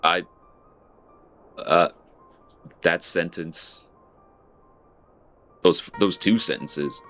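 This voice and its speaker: A man's voice: sits low, very slow, pauses often, sharp tone, faint music behind. A man streaming a game, making offhand casual asides between read lines. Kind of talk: casual live-stream commentary.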